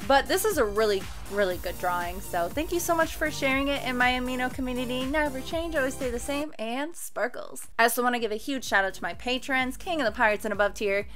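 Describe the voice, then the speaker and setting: Young woman reacting to anime, squealy and high, soft music behind. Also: fast, hardly any pauses. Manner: excitable, gasping and shrieking in surprise. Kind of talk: casual reaction commentary.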